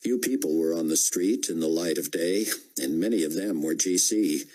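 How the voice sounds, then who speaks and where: A man narrating a novel as an audiobook, with measured storytelling. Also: deep voice, dark tone, low-quality recording. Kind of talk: scripted narration.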